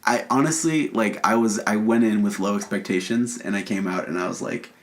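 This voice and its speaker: An American man co-hosting a podcast in casual chat, jokey and quick to slip into goofy impressions. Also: lowish voice. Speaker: podcast co-host.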